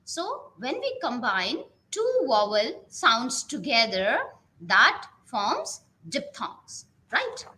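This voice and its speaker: Slow, high-voiced woman teaching pronunciation. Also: wildly swooping pitch, sharp tone, poor audio. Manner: slow, repeating each sound, drawn out vowels. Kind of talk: pronunciation lesson.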